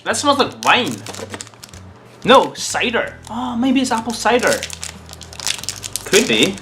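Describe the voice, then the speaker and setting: Lively man chatting through a taste test. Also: high voice, slow pace, music in the background. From Scotland. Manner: chatty and animated, muses aloud while eating. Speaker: vlogger. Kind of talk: casual taste-test review.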